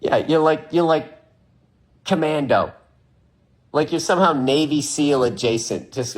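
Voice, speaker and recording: A man's voice: a little high, lively intonation, moderate pace. A man talking in a casual monologue, rambling and swearing with an incredulous edge.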